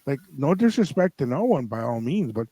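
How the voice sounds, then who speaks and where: A man's voice: medium pitch, fairly quick, breathy edge, no echo, poor audio. Guy on a podcast telling a funny family story, drops spanish words, mid voice, dry close sound. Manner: switches between English and Spanish phrases; animated, acts out family members in the story. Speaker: podcast co-host. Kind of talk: casual storytelling.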